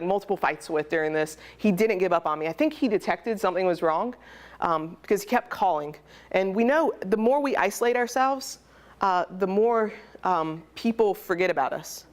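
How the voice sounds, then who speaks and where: A young woman gives a candid talk at a conference, her voice sitting a little low. She tells her personal story in a loose, conversational way, with plenty of feeling behind it. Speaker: conference speaker. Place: conference hall.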